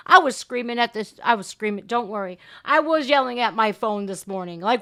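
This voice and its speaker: A woman hosting a livestream reaction show, talking in a fiery, profane way with loud outbursts. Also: medium pitch, lively intonation, moderate pace, hardly any pauses. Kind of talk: heated reaction commentary.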